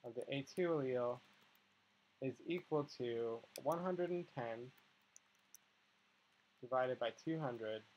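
A man's voice: medium pitch, slow, pauses often, highs cut off. A man teaching a biology tutorial, patiently working through problems step by step and often checking in with the listener. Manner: patient, explains step by step, checks in with "okay" and "right". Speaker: biology instructor. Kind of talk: tutorial walkthrough.

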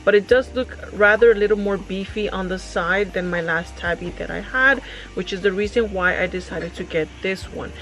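A young woman vlogging at home, chatty and excitable, gushing to her viewers as she unboxes. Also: mid-range voice, normal speed, low-quality recording. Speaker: beauty vlogger. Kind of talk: casual unboxing vlog.

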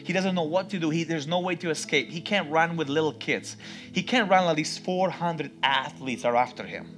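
A man preaching a sermon in a church, acting out the story with sudden shouts and hushed passages. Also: fairly high pitch, moderate pace, faint music behind. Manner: dramatic, acts out voices, swings between loud and hushed. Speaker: pastor. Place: church with live music underneath.

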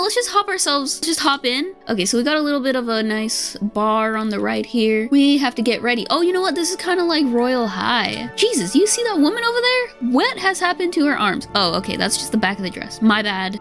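A woman YouTuber giving casual gameplay commentary, bubbly and excitable, often breaking into squealing exclamations. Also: fairly high pitch. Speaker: gaming YouTuber.

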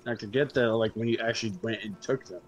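A woman's voice: a bass voice, fairly even intonation, quick pace, dull audio, faint music behind. A woman chatting casually with a streamer in a teasing, dry way. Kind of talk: casual chat.

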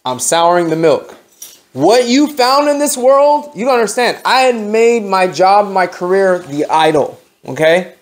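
A man preaches a testimony at a home fellowship gathering, his voice sitting a little high for a man. He tells it in a lively, slangy storyteller's way, acting out each person's lines as he goes. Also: measured pace, hardly any pauses. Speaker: lay preacher. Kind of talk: testimony sermon.

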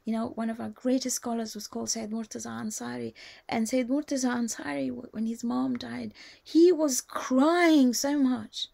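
A woman giving a live religious talk, telling stories with animation and often dropping to a hushed whisper. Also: a little high, little pitch movement, brisk, vocal fry. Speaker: religious teacher.

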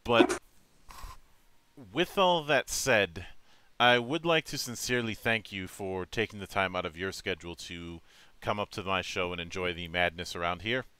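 Male host, low and bright, crisp and dry, jovial showman. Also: moderate pace, dry recording. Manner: jovial, theatrical sign-off, laughs often. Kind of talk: casual interview chat.

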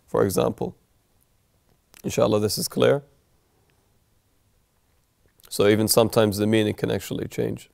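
Male recitation teacher, patient and methodical, with a gravelly, resonant voice and dry close sound. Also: fairly low pitch, fairly even intonation, unhurried, long pauses, a little mellow, no echo. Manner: patient, repeats and contrasts examples; switches into melodic recitation. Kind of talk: explaining recitation rules.

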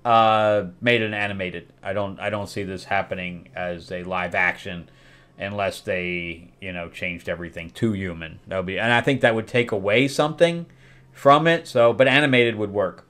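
A man's voice: mid-range voice, clean tone. Rambling middle-aged man reviewing comics. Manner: rambling recap with fillers and quick acted quotes. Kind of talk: casual comic book review.

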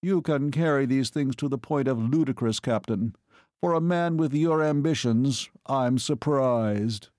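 A man's voice: medium pitch, measured pace, darkish tone, no room sound, clean studio sound, voice pushed up, close to an everyday voice. A man reading an audiobook, voicing a dour upper-class officer who speaks dryly and condescendingly.

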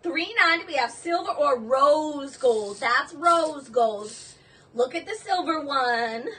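A woman hosting a live jewelry sale stream, gushing and excitable, exclaiming over each piece. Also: high voice, takes it slowly, recorded from a distance.

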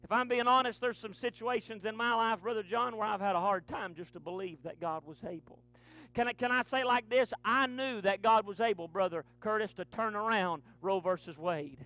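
A man, preaching a fervent sermon to his church, punctuating lines with breathy "uh"s. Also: sits high, brisk. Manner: fervent preaching with rising, shouted runs and many "uh" breaths. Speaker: pastor. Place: church sanctuary.

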